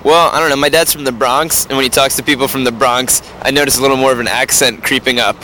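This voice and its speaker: Young male musician, bright tone, deadpan and hesitant, faint street noise around him. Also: mid-range voice. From New York. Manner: dry, halting, deadpan humor. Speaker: band member. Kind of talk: casual interview chat.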